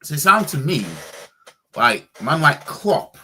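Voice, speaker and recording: A man's voice: on the high side, sing-song, slow, bright, forceful tone, slight background noise. A man reacting casually on a stream as a football fan, with a slangy, stumbling way of talking.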